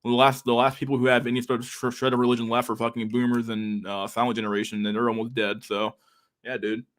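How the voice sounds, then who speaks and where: A man talks loosely and profanely at a middle pitch. He reads messages aloud and laughs between remarks. His talk is laid-back and full of fillers. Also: little pitch movement, quick pace, a bit bright. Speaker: streamer reading chat. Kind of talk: casual chat.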